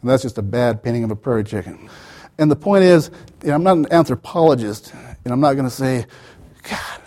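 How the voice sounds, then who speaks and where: A man's voice: mid-range voice, expressive, fast talker, warm tone. A man giving an academic lecture as the author, digressive, with wry asides and many "you know" fillers.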